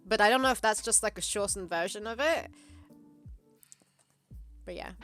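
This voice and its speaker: A woman's voice: mid-range voice, moderate pace, a bit bright, soft background music. A woman, chatting playfully and laughing often as a game developer on a live stream. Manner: giggly, playful, often laughs mid-sentence. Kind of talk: casual chat on a live stream.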